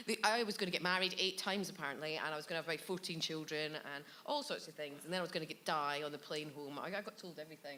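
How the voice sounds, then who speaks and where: Woman guest, bright clear voice, lively storyteller at a live bar show, laughs a lot. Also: deep voice, racing, hardly any pauses, slight background noise. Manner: animated storyteller, laughs often, mimics people. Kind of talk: live podcast anecdote telling.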